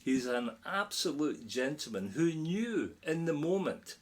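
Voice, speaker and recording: Here the middle-aged Scotsman sounds on the high side and takes his time. As a podcast guest in easygoing conversation, he tells a story with growing energy and laughs while he tells it.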